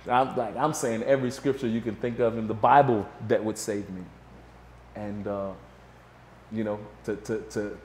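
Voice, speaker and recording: A lowish-voiced man, heard in an echoey room with slight hiss or hum, is a guest in a casual interview. He tells a story animatedly, voicing the things other people said.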